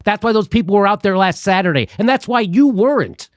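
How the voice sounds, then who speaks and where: Male show host, high and wildly animated, profane ranting, dry close sound. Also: moderate pace, no echo. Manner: profane, ranting, laughs often. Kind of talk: political comedy commentary.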